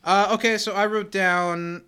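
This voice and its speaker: A man's voice: high voice, steady tone, a little slow, pushed and bright, clean tone. A man co-hosting a podcast, chatting casually about a TV episode and laughing easily. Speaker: podcast co-host.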